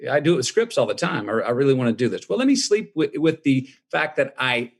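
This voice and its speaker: Husky, drawling storyteller man. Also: medium pitch, very animated, fairly quick. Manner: drawling, folksy storyteller acting out quotes. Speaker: guest. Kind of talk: storytelling conversation.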